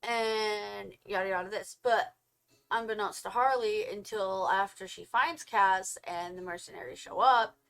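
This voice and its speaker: A young woman energetically recaps a movie's plot in a laid-back couple's review, acting out each character in quick quotes and laughing when she corrects mistaken names. Her mid-range pitch moves around a lot, and she has vocal fry.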